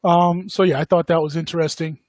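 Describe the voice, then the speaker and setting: A man's voice: a little high, steady tone, fairly quick, darkish tone, no echo. A man hosting a podcast, talking casually and rambling, with lots of fillers and frequent laughs. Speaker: podcast host. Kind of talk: casual livestream commentary.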